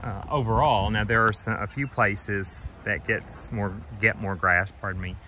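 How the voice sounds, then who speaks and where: A man giving a gentle, affectionate walking tour of his farm outdoors, filmed on a handheld camera. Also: on the low side, fairly even intonation, moderate pace, a little hiss or hum. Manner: gentle, affectionate, talks to trees and animals. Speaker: vlogger touring his farm. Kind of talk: casual walking tour vlog.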